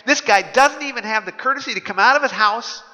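A man's voice: very high-pitched, fairly quick, bright, forceful tone, pitched above the performer's own voice, full character voice. A man playing an indignant, proud army commander who rants in a raised voice. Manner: indignant ranting. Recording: dull echoey hall.

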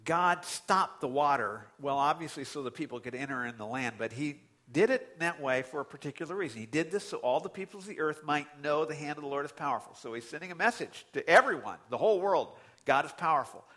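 A man delivers a sermon in a bright, ringing voice that sits a little high for a man. His delivery is animated, with big swoops in pitch and sudden loud outbursts between calmer, conversational stretches. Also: fairly quick, few pauses. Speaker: pastor.

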